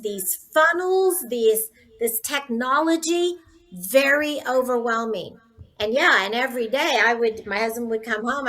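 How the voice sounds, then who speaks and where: A woman's voice: on the high side, fairly bright tone, poor audio. A woman in her sixties, a nurse turned entrepreneur, telling her story as an interview guest in an earnest, faith-filled, candid way. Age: 60s.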